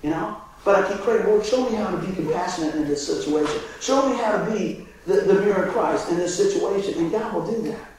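A man preaching a sermon and telling a story, animated, laughing and shouting at the high points. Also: fairly quick, few pauses. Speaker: pastor. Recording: very echoey hall, distant mic, faint noise.

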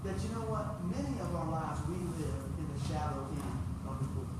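A pastor animatedly tells and acts out a funny story from his own life during a sermon in a church hall, asking the congregation questions and later reading scripture. His voice is a little high at a normal pace, and the recording is very noisy.

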